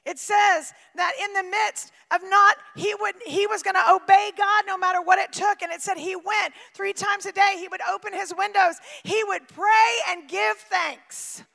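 A woman preaching a sermon with emphatic swings from shouting to near-quiet. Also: extremely high pitch, fairly even intonation, normal speed, vocal fry, few pauses, in a large hall.

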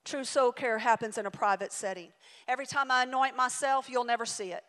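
A woman in her forties preaching a sermon and telling a story, swinging dramatically between loud and hushed delivery. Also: fairly high pitch, steady tone, a little fast. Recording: reverberant hall.

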